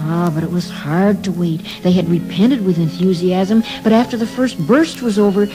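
A man narrating a children's audiobook in a measured, dramatic way. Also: high-pitched, over music, rough recording. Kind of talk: scripted storytelling for children.

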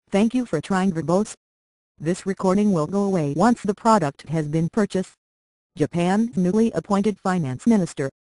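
A computer-generated voice reads financial news with a mechanical, evenly paced delivery, spelling out figures and ticker symbols word by word. The pitch sits in a middle range and the sound is close and dry, with no room around it. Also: a little mellow, no echo, low-quality recording. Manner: reads numbers and symbols literally. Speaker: news reader. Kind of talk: synthetic text-to-speech reading of a news article.

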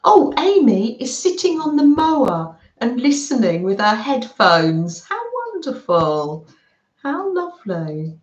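A British woman hosting a live craft stream, warmly welcoming viewers by name and chatting as she works. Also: fairly high pitch, sing-song, takes it slowly, reverberant, dull audio. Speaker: craft livestream host.

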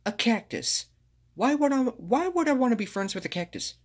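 A woman's voice: on the high side, very animated, normal speed, breathy edge. A woman voicing a grumpy, rude male green ogre, sighing and grumbling in home toy play-acting.

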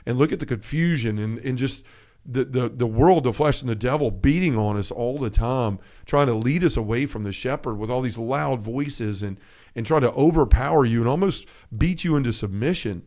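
A man co-hosting a faith podcast in a relaxed chat. He tells a story with energy and acts out the quotes. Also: mid-range voice, normal speed. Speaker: podcast co-host.

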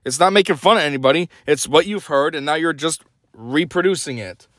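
A man's voice: fairly high pitch, fairly quick, fairly bright tone, no room sound. Ranting, sarcastic young man. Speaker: podcast host. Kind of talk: opinion podcast monologue.

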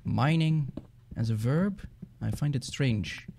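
A man with a Dutch accent talks loosely while he plays, rambling from one thought to the next and getting excited easily. His voice sits at an ordinary pitch. A faint hiss runs under the recording. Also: slow, creaky. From Netherlands. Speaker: gaming channel host. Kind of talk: casual let's-play commentary.

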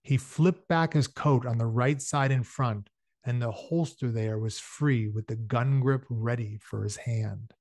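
A man reads a novel aloud, pausing for casual explaining asides with fillers. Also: medium pitch, darkish tone, no room sound, clean studio sound. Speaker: reader. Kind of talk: reading a novel aloud with commentary.

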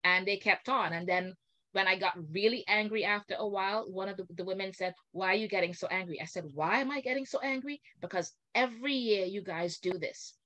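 An older woman, a guest on a video call, telling an indignant story with animated, acted-out quotes. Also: medium pitch, brisk.

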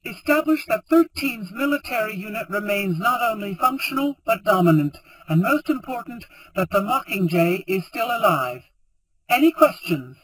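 A stern, worn-out woman president issues clipped orders, with a man reading her part. She sounds commanding and direct, on a fairly high, light voice. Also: animated, moderate pace, a bit bright, far from the mic, poor audio.

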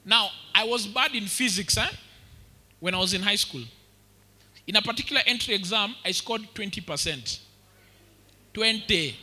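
A man with a Kenyan accent preaching a sermon, telling lively stories and mixing English with Swahili. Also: high voice, moderate pace, pauses often. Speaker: pastor. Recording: reverberant church hall.

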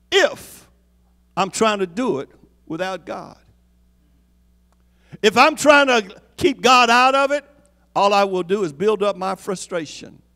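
A man with a high voice preaches a sermon in a church sanctuary. He repeats key phrases and calls out to the congregation for a response. His voice rings out with a long hall reverb. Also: fairly bright tone. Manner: call-and-response preaching, repeats lines for emphasis. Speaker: apostle preaching.

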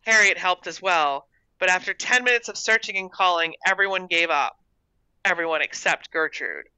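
An author reading their own short story aloud in a steady storytelling manner. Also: medium pitch, moderate pace, clear, resonant tone, no echo. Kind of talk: storybook narration.

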